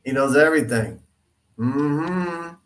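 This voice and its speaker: A man's voice: a little high, slow pace, a bit bright. Playful man on a video call. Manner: playful, teasing, joking. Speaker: real estate agent cold calling. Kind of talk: casual chat over a video call.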